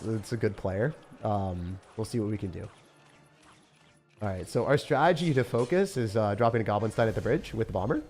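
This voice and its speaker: A young man giving casual, chatty gameplay commentary as a channel host. He talks in slang, jokes around and laughs often. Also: fairly low pitch.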